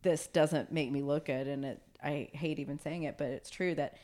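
A woman's voice: low voice, steady tone, moderate pace, dark tone. A woman co-hosting a podcast, talking in a thoughtful, self-deprecating way. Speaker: podcast co-host. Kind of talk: casual podcast chat.

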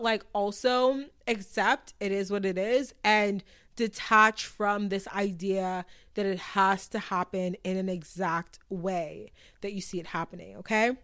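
Chatty upbeat woman hosting a podcast. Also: medium pitch. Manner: chatty and upbeat, fond of filler "like"; encouraging, addresses listeners directly. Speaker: podcast host. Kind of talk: casual podcast monologue.

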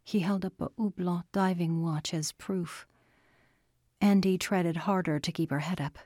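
A woman narrating a novel in a measured, scripted reading, quietly giving each character a voice. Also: fairly low pitch, steady tone, no echo, clean studio sound. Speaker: audiobook narrator.

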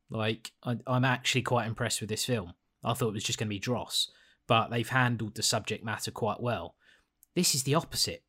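A man's voice: lowish voice, moderate pace, sharp tone. A man with a blunt, sweary, rambling manner, chatting casually as a podcast co-host reviewing a film.

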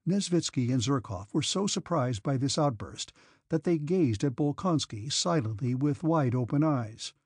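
A man narrating a classic novel as an audiobook in a steady, measured reading. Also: medium pitch, slightly rough, no echo, studio quality.

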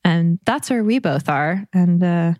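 A woman's voice: lowish voice, lively intonation, unhurried, a little mellow, no room sound, studio quality. A woman hosting a podcast, chatting casually and giggling often. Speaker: podcast host. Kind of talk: casual chat.

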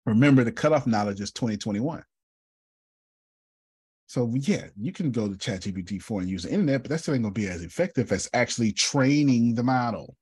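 A man's voice: medium pitch, animated, fairly quick, darkish tone, husky, dry recording. A man hosting an online workshop in a casual, joking teaching style, often repeating himself for emphasis, heard over a video call.

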